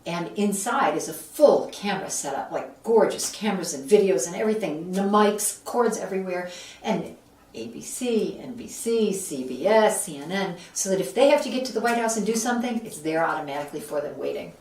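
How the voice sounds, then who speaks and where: Speaking briskly in a mid-range voice, this Buffalo, New York woman is an interview guest recounting a story with animation and voicing the people in it herself. The mic sits at a distance, picking up room echo and light background noise.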